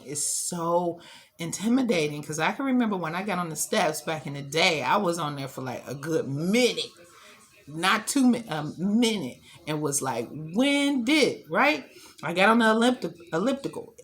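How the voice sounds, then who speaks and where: A woman's voice: sits low, fairly bright tone. A young woman chatting candidly to her viewers in a casual vlog, talking loosely and calling them y'all. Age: young adult. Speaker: vlogger. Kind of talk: casual vlog chat to camera. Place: at home, later at a gym.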